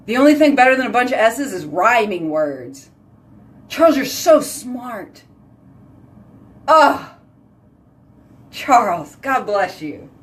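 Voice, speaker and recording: Chatting at her sink for a home vlog, a Houston woman with a Texan accent comes across bubbly and rambling, with plenty of "y'all." She speaks slowly in a fairly high voice with big pitch swings, pausing often.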